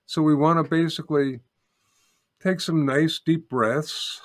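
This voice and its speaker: An older man teaching as a guest in an interview, calmly explaining and demonstrating a humming practice step by step. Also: on the high side, unhurried. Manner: calm, patient, repeats steps and demonstrates by humming. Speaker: sound healing teacher, guest. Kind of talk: guided instruction in an interview.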